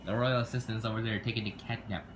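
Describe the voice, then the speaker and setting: A man's voice: on the low side, steady tone, fast, noisy background, lightly acted. A man voicing a mopey young prince who complains to his father, in a homemade toy skit.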